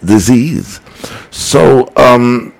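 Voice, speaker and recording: A man hosting a broadcast, reading listener comments and rambling in a preachy, animated way. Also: mid-range voice, very slow, gravelly, rough recording. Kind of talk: casual broadcast talk.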